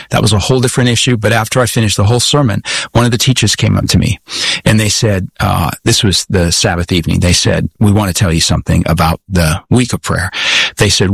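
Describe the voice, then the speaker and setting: A man's voice: fairly low pitch, gravelly, husky, no echo. A man who is a pastor from the United States, recounting a preaching story in conversation and acting out the dialogue and scripture readings. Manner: animated storyteller who acts out quoted dialogue and reads scripture aloud.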